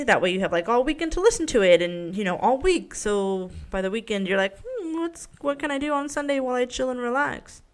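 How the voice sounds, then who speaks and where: Chatty woman ranting on her own podcast, swears a ton, laughs at herself, average pitch. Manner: frank, rambling, swears freely, self-mocking. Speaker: podcast host. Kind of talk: casual solo podcast rant.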